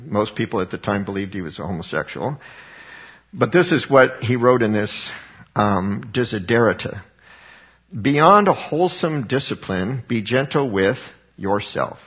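A middle-aged man preaching a sermon, talking fervently and conversationally with frequent restarts and a husky voice. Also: lowish voice, lively intonation, a little slow. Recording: dull lo-fi recording.

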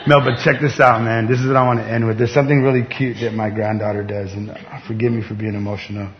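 A middle-aged man preaching a sermon as pastor, talking conversationally with bursts of excited emphasis. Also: fairly low pitch, fast talker. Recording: dull lo-fi sound with faint background noise.

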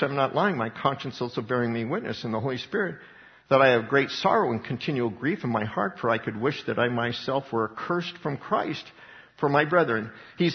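Animated preaching man in reverberant hall. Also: mid-range voice. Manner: animated preaching, reading scripture aloud with asides. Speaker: pastor. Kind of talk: sermon. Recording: dull sound with long reverb in a large room.

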